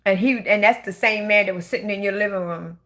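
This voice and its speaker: A middle-aged woman telling her own life story in a casual late-night talk, emotional and halting, often restarting and repeating her words. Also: medium pitch, fairly bright tone.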